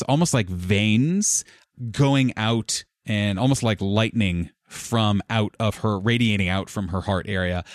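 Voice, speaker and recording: A man narrating as game master of a tabletop game, describing scenes in a relaxed, rambling way with fillers. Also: lowish voice, no echo, studio quality.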